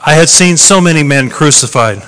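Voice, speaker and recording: A man plays a bewildered onlooker caught in a crowd, speaking quietly and reflectively in the first person. His voice is slightly high for a man and carries a long hall reverb. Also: expressive, fairly quick. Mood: wondering. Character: bewildered bystander drawn into a crucifixion crowd. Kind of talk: first-person dramatic monologue.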